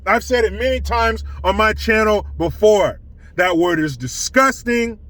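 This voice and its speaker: A man's voice: high-pitched, unhurried, fairly bright tone, no echo. A man hosting his own commentary channel, ranting bluntly and scornfully with plenty of profanity. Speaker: political commentary channel host.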